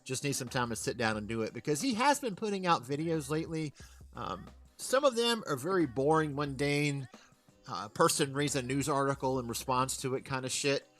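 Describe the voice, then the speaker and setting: A man's voice: mid-range voice, lively intonation, moderate pace, fairly bright tone, faint music behind. Laid-back man hosting a stream. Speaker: stream host. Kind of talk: casual commentary.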